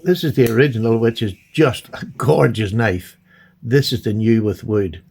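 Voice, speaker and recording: A man chatting excitedly and gushing as he unboxes and admires his new knives. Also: medium pitch, normal speed, creaky, breathy edge. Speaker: knife collector vlogger. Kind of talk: casual unboxing chat.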